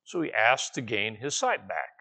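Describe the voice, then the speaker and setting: A man's voice: lowish voice, very animated, normal speed, bright, forceful tone. A man preaching a conversational sermon, correcting himself as he goes and rising now and then to emphatic, raised passages. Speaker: pastor.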